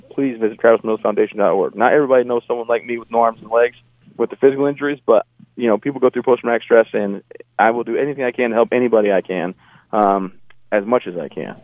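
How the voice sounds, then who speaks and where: A man's voice: mid-range voice, dry recording. A man, an army veteran and motivational speaker, talking earnestly and plainly in an interview. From United States. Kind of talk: casual interview talk. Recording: tinny phone line, dry.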